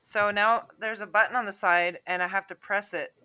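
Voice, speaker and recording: A woman's voice: medium pitch, fairly even intonation, normal speed, pushed and bright, clear, resonant tone, no room sound. A woman with French as her first language, hosting a casual livestream panel and chatting in a giggly, self-deprecating way over a headset. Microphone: headphones with headset.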